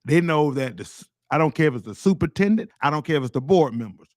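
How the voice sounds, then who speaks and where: Man, rambling, heated, blunt, slightly high-pitched, dry recording. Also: expressive, fast talker, darkish tone, no room sound. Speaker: teachers' association leader. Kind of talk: casual storytelling monologue.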